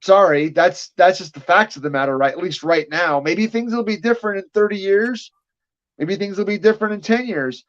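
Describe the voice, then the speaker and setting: Argumentative high-voiced man, dull audio. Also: brisk. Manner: argumentative, building points rhetorically. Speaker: podcast co-host. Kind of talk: casual livestream chat.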